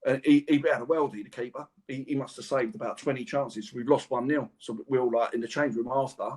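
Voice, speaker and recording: A man's voice: medium pitch, fairly quick, husky. A man, a former footballer, telling slangy anecdotes on a podcast in a casual chat. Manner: animated anecdotes, laughs through stories, slangy.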